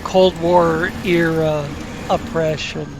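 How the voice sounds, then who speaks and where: Man, gaming host, unhurried rambling commentary, slightly high voice, engine noise under him. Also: level tone. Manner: rambling, self-correcting, crude asides.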